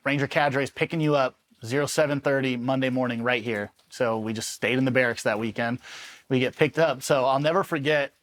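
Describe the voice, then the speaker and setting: A man from Los Angeles, a former Army Ranger, telling war stories in a casual, animated interview and swearing freely as he acts out the people he quotes. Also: medium pitch, fairly quick. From Los Angeles, USA. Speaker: Army Ranger veteran guest.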